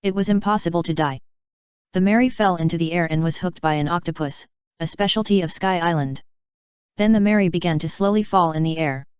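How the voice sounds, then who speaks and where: A woman narrating a fan fiction audiobook in an even, measured reading. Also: fairly low pitch, clean tone, no room sound, muffled recording. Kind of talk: scripted narration.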